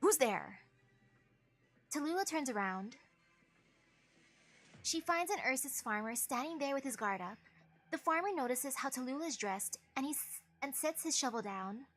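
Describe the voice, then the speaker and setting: Husky-voiced woman streamer. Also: high voice, expressive, normal speed, fairly bright tone. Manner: casual, thinking aloud. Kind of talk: reading a game story aloud with commentary.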